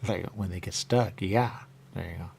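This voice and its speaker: A man hosting a radio talk show in rambling casual chat, often jumping into quick high voices to act out what people say. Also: creaky, darkish tone, slight background noise. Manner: rambling, acts out quick high-pitched quoted voices, repeats "there you go".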